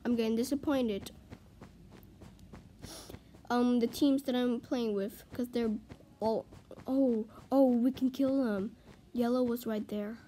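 A woman gives running commentary on her own gameplay, rambling and easily flustered, and she jumps into frantic panic whenever her team is in trouble. Her voice sits a little high. A faint hiss runs under the recording. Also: fairly even intonation, measured pace, dark tone. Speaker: gaming video creator.

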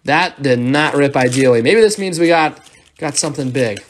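A man's voice: mid-range voice, moderate pace, slight background noise. A young man hosting a live sports card break, rattling off player names and thanking viewers as he opens packs.

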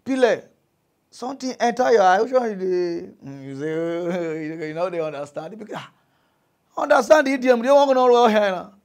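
High-voiced Nigerian man ranting comically. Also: moderate pace. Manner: loud, mocking, swings between shouting and muttering. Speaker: comedic mock news host. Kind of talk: comic rant in Pidgin.

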